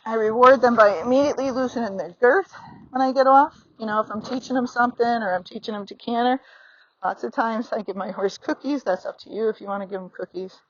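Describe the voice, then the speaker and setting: A woman's voice: on the high side, fast talker. A middle-aged woman giving a riding lesson outdoors while on horseback, chatty and encouraging, talking into a phone mic. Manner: chatty and encouraging, acts out horse and rider thoughts. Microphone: phone mounted on the rider. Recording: slightly dull lo-fi sound.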